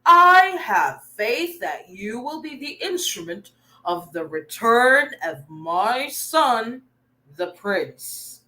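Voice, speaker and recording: A woman's voice: very animated, pushed and bright, heavily acted, poor audio. A woman putting on a grave storybook king. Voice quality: deliberately lowered, manly tone. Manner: slow, grave proclamation. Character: solemn kingly father of a captive prince.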